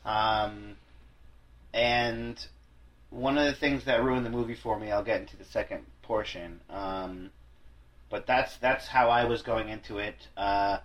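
A man's voice: lowish voice, steady tone, measured pace, a bit bright, poor audio. A man hosting a podcast in casual chat, rambling and self-deprecating, with frequent swearing and restarts. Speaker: podcast host.

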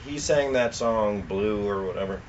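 A man guesting on a casual podcast from home, rambling in a crude, animated way. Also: lowish voice, normal speed, highs cut off, slight background noise.

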